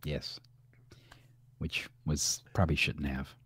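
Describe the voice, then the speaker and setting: A man co-hosting a casual podcast chat, easygoing and quick to laugh. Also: very deep voice, level tone, bright, forceful tone, slightly rough, no room sound, whispered. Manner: easygoing, laughs often, many fillers. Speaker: podcast co-host.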